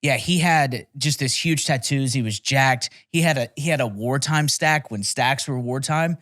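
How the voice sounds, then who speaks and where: A man's voice: mid-range voice, moderate pace, fairly bright tone, no echo, clean studio sound. A young man telling rambling, profane stories in a casual podcast chat. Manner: rambling, profane storytelling with laughs. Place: podcast studio.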